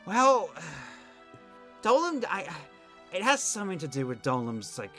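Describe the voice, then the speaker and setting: A man's voice: high-pitched, wildly swooping pitch, unhurried, fairly bright tone, faint music behind, pitched above the performer's own voice, full character voice. A man voicing a nervous, rambling female contact who speaks through a message stone, hesitant and full of ums.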